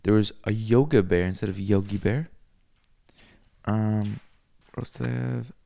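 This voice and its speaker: A man rambling through a crude comic monologue, cursing freely and swinging into loud rants. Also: fairly low pitch, unhurried, creaky.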